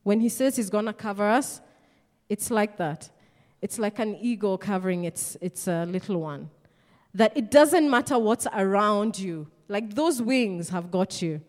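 A woman preaching a sermon in a lively, conversational way with playful asides. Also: mid-range voice, a little slow. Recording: reverberant hall.

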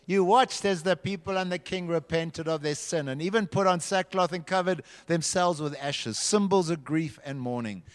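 A man's voice: a little high, moderate pace, few pauses. A man leading a children's church group, telling a Bible story dramatically and directing the children to act it out. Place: large hall. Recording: long hall reverb.

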